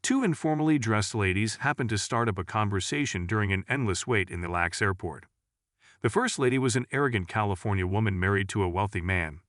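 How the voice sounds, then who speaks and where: A man reading jokes aloud in a lively, storytelling way. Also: fairly low pitch, a little fast, no echo, studio quality. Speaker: joke narrator. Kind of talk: scripted joke reading.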